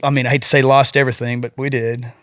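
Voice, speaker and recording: A man's voice: medium pitch, little pitch movement, fast talker, a bit bright, dry recording. Earnest rambling man, dry close sound. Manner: earnest, rambling, acts out quotes. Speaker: guest police officer. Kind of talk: casual podcast storytelling.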